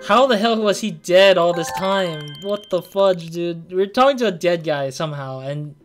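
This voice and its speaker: A man's voice: high-pitched, animated, normal speed, soft background music. A young man casually commenting on a game he is playing, thinking aloud in a rambling way and leaning on fillers. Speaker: let's play gamer.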